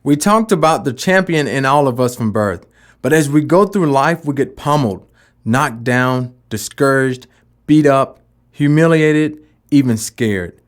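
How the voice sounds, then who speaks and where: A man's voice: mid-range voice, expressive, a little slow. A man giving a motivational talk about never giving up, with emphatic delivery and rhetorical questions. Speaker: motivational speaker.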